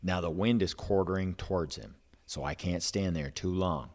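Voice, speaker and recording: A man with a very low voice telling a hunting story among friends. He talks in a casual, animated way and acts out the sounds and his own thoughts. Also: normal speed.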